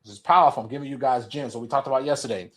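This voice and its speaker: A man's voice: mid-range voice, rapid-fire. A man giving a passionate motivational talk to a live audience of founders, repeating his points for emphasis. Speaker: speaker at a business event.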